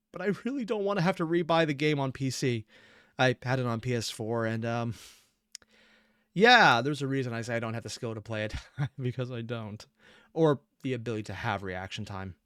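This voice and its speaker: Excitable, giggly man reacting to a video. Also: medium pitch, brisk, clear, resonant tone, dry recording, clean studio sound. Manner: giggly, excitable, rambling asides. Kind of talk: casual reaction commentary.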